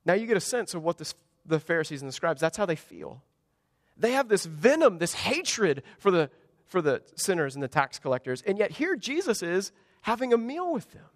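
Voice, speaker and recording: A high-voiced man preaches a sermon in a church, his delivery animated and swinging between loud and soft. The mic is close and dry, with a long hall reverb trailing behind. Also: moderate pace. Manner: animated preaching with wide swings in pitch and volume. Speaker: pastor. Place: church sanctuary.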